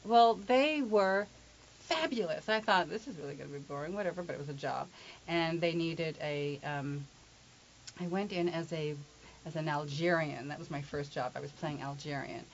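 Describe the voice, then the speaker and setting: A woman working as an accent coach and actress, telling stories in an animated, chatty way. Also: low voice, moderate pace. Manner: chatty, animated storytelling with laughs. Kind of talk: casual conversation. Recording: lo-fi with faint hiss.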